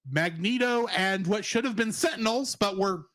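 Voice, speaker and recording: A man's voice: sits high, normal speed, fairly bright tone, dry recording. A man co-hosting a casual cartoon review podcast, joking and laughing often as he talks. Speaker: podcast co-host.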